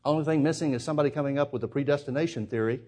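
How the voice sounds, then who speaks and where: A male preacher with a somewhat high voice delivers a sermon with emphasis. He fires rhetorical questions and swings from loud pushes down to hushed asides. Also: rapid-fire.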